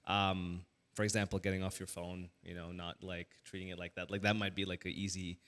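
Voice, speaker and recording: A man, a pastor, giving a casual teaching talk to a church audience, animated and full of fillers and restarts. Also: low-pitched, a little fast.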